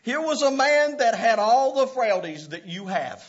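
A man preaching a sermon with passion, often breaking into shouts and laughs. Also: extremely high pitch, very animated, unhurried, slightly rough. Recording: dull lo-fi recording.

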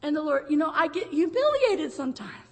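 A woman's voice: sits high, sing-song, brisk. An older woman preacher delivering an emotional church sermon, often tearful and laughing as she tells her stories. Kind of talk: pentecostal sermon.

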